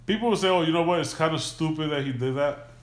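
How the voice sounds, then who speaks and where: A man's voice: a little high, quick pace. A man casually telling a long story on a podcast, loose and profane, acting out the people in it. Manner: loose, profane, animated retelling. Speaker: podcast host. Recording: echoey room.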